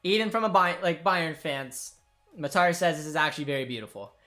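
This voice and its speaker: A young man hosting a live football watchalong, reacting with excitement and emotion and talking to his viewers. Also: fairly high pitch, fairly quick, faint music behind. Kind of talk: live match watchalong commentary.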